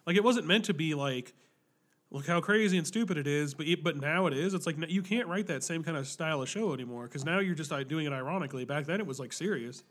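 A man's voice: fairly high pitch, fast, fairly bright tone. A young man co-hosting a podcast, talking in a laid-back, rambling way and laughing often. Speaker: podcast co-host. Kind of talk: casual chat.

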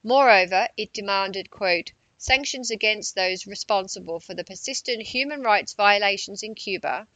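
A woman reading a political news report in a measured narration, with quotes read aloud. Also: mid-range voice, bright, forceful tone, dry recording, rough recording.

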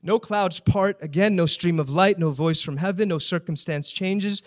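Man preaching, fairly high voice, earnest, keeps asking the room questions. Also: moderate pace. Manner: earnest, rhetorical questions to the congregation. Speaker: pastor. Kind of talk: sermon.

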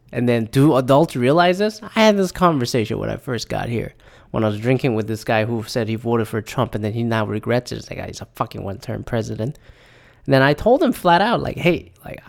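A man's voice: medium pitch, gravelly. A young man hosting a podcast, in a rambling, profane, exasperated monologue. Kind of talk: casual ranting monologue.

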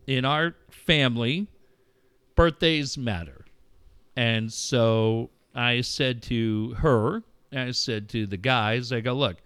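A man's voice: mid-range voice, slow, fairly bright tone, clear, resonant tone, dry recording, studio quality. A middle-aged man hosting a podcast, telling personal stories in a candid, reflective way and swearing freely. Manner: candid, profane, reflective storytelling. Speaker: podcast host. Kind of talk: casual conversation.

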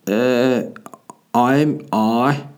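A man's voice: medium pitch, fairly even intonation, very slow, a little mellow. A man voicing a blunt, petty thieving ghost in an offhand, grumbling mock voice.

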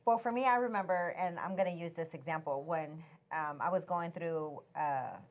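A woman sharing a faith-based marriage story in conversation, animated and acting out the quoted voices. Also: sits low, moderate pace.

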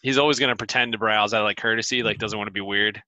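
A man's voice: lowish voice, fairly even intonation, very fast, bright, forceful tone, dry recording. A man co-hosting a casual podcast, telling funny stories and laughing often. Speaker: podcast co-host.

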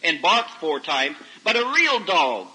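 A man preaching a folksy sermon to young people, telling stories and rising to loud emphatic peaks. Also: on the high side, measured pace, poor audio. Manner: folksy, animated storytelling with sudden loud rises. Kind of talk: sermon to a youth service. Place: camp meeting service. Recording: old 1990s radio broadcast recording.

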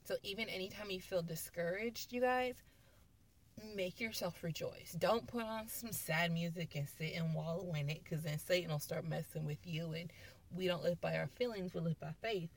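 Woman preacher, lowish voice, casual sermon, emphatic, conversational, scripture storytelling. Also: normal speed.

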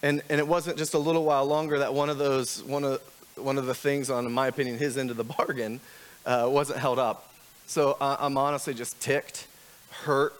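A man's voice: medium pitch, flat delivery, normal speed. A man preaching a sermon as pastor, talking candidly and conversationally with frequent restarts, building to emphatic questions.

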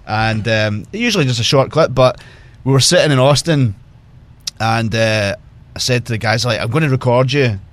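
A man's voice: medium pitch, moderate pace. A man telling casual stories as a guest on a podcast, often laughing as he talks. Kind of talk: casual storytelling.

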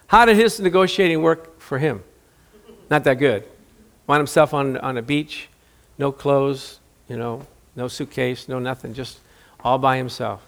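A middle-aged man preaching a sermon in a lively, joking way, acting out the voices of Bible figures. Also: mid-range voice, unhurried. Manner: animated, jokey, acts out Bible voices.

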